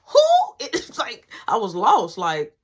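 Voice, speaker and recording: A young woman telling a storytime tale with lots of animation and slang. Her voice is husky, and her intonation swings widely. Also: medium pitch, sing-song, slow. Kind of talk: casual storytime.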